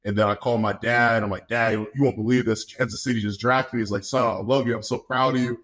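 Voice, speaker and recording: A young man, a guest on a podcast, telling a story in a relaxed, chatty way, often laughing and acting out what people said. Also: medium pitch, fast talker. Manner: laid-back, laughs often, acts out quotes. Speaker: podcast guest, football player. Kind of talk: casual storytelling.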